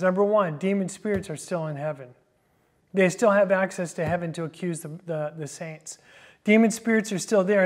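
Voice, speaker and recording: A Bible teacher reading scripture aloud and then explaining it, with many hesitant fillers between phrases. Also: mid-range voice.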